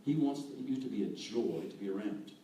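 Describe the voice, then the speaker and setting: A man giving an animated sermon as a guest speaker, acting out quoted voices. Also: on the low side, normal speed. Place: church hall. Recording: echoey hall, distant mic, faint room noise.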